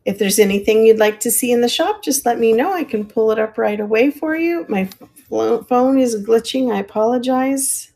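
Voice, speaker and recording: An older woman hosts a live sale and chats in a friendly, rambling way as she shows off each figurine. Her voice has a creaky, gravelly edge, and she pauses often to find the right word. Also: on the high side, expressive, darkish tone. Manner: chatty, friendly, describes items while hunting for words. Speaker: live-stream auction seller. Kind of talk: casual live selling chat.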